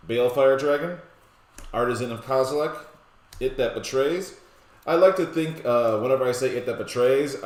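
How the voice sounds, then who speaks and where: A man casually walking through a card game deck, rattling off long lists of cards with relaxed, joking asides. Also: medium pitch. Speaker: deck tech presenter. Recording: roomy echoey room.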